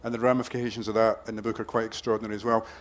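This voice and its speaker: A man's voice: on the low side, level tone, racing. A man chairing a live author event on stage, chatty and teasing as he steers the talk toward questions. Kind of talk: hosting a live onstage interview. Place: festival stage.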